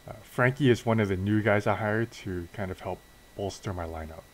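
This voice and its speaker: Deep-voiced guy narrating his wrestling sim playthrough, casual, lots of "you know". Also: brisk, a little hiss or hum, low-quality recording. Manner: casual, relaxed, with fillers and restarts. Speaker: game narrator. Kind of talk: let's-play story narration.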